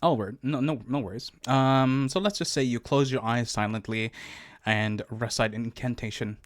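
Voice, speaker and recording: A man narrating as game master of a tabletop game, relaxed and halting, with many fillers. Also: medium pitch, dry recording, studio quality.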